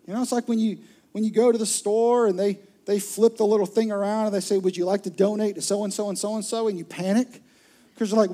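A man preaching a sermon to his church, telling stories with lively, acted-out voices. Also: high voice. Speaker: pastor. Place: church auditorium with a live audience.

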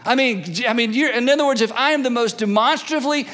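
A male pastor giving an animated, conversational sermon that swings between loud bursts and hushed asides. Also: very high voice, quick pace, big-room sound.

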